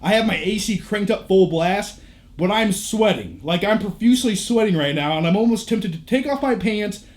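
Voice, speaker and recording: A man gives a casual, chatty tour of his home theater room at normal speed, his fairly high voice full of lively intonation and wide pitch swings. He throws in jokes and relaxed swearing, and he sounds close and clear through a camera shotgun mic.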